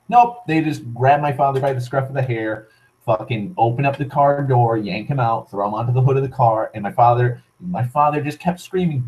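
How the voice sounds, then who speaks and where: A man with a mid-pitched voice rants through a personal story in a vlog. He swears constantly and restarts his sentences. He talks in a heated, rambling way. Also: fairly quick, darkish tone, rough recording. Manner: profane, heated, full of restarts. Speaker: vlogger.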